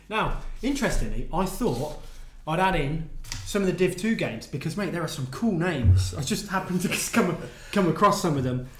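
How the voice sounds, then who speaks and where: A man co-hosting a casual sports chat, reading out results with a self-deprecating, chatty manner. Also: a little high. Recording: echoey room.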